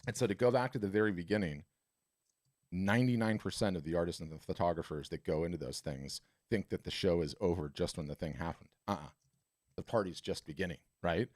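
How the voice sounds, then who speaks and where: A man's voice: sits low, brisk, a little mellow, no echo, studio quality. A man hosting a webinar, coaching a caller emphatically and ending points with "right?". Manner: emphatic, salesy, repeated "right?" tags. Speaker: webinar host and art business coach. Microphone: video call.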